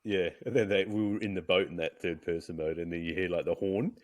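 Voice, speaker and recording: A man co-hosting a casual gaming podcast, telling animated stories about online matches. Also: deep voice, brisk, a little hiss or hum. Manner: animated storyteller who acts out other players' voices. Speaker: podcast co-host.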